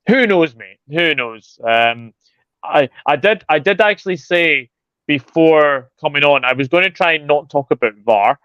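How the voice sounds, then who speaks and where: Male host, casual livestream chat, smooth voice, slightly muffled dry recording. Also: a little high, animated, measured pace, a bit bright, dry recording. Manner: chatty, greets viewers by name, many fillers. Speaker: football channel host reading live chat.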